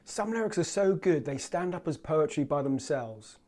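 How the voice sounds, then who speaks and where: A man hosting a poetry channel, giving scripted commentary on song lyrics and reciting them in a measured way. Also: fairly high pitch, animated, warm tone. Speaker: host.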